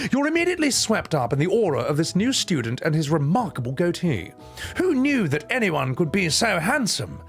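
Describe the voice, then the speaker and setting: A man reads out a visual novel with a playful, wry delivery, his voice high and lively with big swoops. Faint music plays behind him. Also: creaky. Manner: playful, wry narration with asides. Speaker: gaming streamer. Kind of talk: reading aloud a visual novel.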